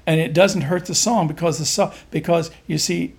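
Halting man explaining music, fairly high voice. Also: fairly even intonation, creaky, breathy edge. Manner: halting, rambling, searches for words with many restarts. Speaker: interviewee. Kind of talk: explaining folk music in an interview.

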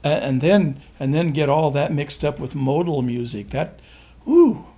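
A man in an interview, explaining folk music in a halting, rambling way and often restarting his sentences. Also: on the high side, dark tone. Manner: halting, rambling, searches for words with many restarts.

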